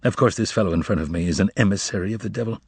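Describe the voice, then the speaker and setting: A man's voice: lowish voice, very fast, breathy edge, no echo. A man voicing a weary, troubled writer. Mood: uneasy. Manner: firm, resigned, wry.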